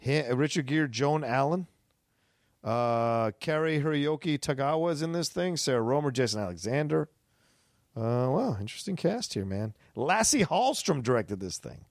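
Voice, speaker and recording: A man's voice: mid-range voice, expressive, normal speed, no room sound, studio quality. A man co-hosting a podcast in casual chat, enthusiastic and thinking aloud with frequent restarts. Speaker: podcast co-host.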